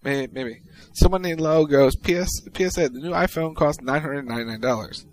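A man co-hosting a podcast, reading out tweets in casual chat with a wry, deadpan delivery. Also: fairly high pitch, fairly quick, poor audio. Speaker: podcast co-host.

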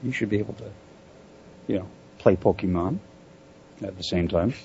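A man's voice: deep voice, normal speed, dark tone. Joking man hosting talk radio. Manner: joking, laughs often. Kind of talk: casual banter. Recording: dull, husky lo-fi audio.

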